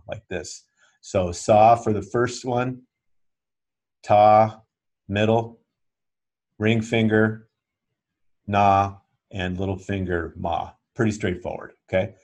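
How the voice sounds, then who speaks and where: Patient low-voiced male yoga teacher. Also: slow, a little mellow. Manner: patient, checks understanding often. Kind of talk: instructional class talk.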